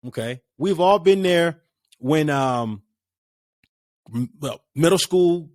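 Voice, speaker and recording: A man's voice: fairly high pitch, lively intonation, slow pace, a little mellow, no room sound, clean studio sound. A man hosting a casual solo sports podcast, rambling with lots of fillers and restarts. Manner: rambling, conversational, many fillers.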